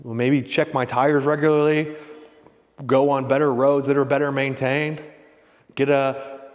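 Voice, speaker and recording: A man's voice: medium pitch, level tone, measured pace, lo-fi sound. Middle-aged guy hosting a group chat, kinda rambly, keeps asking "right?", long echo like a big hall. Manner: rambling, coaching tone with frequent "right?" and "okay?". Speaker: host of a leadership discussion group. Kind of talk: casual motivational talk.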